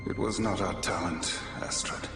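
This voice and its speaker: A grave young wizard in a cartoon, speaking low and deep with measured intensity. Dramatic music plays loudly behind him. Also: male voice, steady tone. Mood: somber. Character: brooding young male wizard, vengeful. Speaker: character in an animated series clip. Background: dramatic score.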